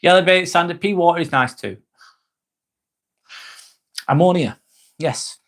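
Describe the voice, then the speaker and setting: A man's voice: on the high side, unhurried, fairly bright tone. A man hosting a live stream in a casual, joking way, reading viewer comments aloud and replying with some swearing.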